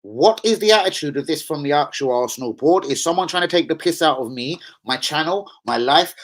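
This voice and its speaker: A man's voice: on the high side, expressive, a little fast, hardly any pauses, a bit bright. A man ranting angrily on a live stream as a football fan streamer, swearing heavily and getting worked up. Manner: angry, profane, heated.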